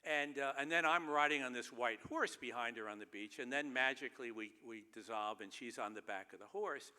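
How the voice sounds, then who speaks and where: A man's voice: mid-range voice, a little fast, sharp tone, smooth. A man giving a humorous speech on stage, telling wry, self-deprecating anecdotes in a loose, chatty way. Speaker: keynote speaker. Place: large theater stage. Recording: long reverb of a large theater.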